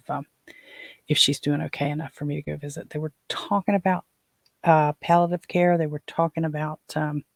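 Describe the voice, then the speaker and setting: An older man tells a personal story on his own show, rambling and restarting his sentences as he goes. His voice is husky and gravelly, with a fairly flat, monotone delivery. The sound is dry and close, with no room echo. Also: fairly high pitch. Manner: rambling, with frequent restarts and trailing fillers. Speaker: podcast host.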